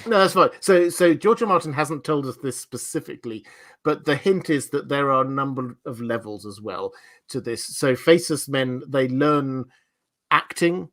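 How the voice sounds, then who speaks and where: Measured man explaining in a casual chat. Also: mid-range voice, a bit bright. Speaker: guest. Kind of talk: casual discussion.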